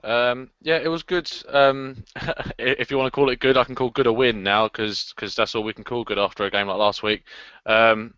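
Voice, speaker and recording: A man on a casual football podcast panel, giving his view haltingly with many pauses and fillers. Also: medium pitch, steady tone, fairly bright tone, clean tone, dry recording, dull audio. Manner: hesitant, many ums and uhs.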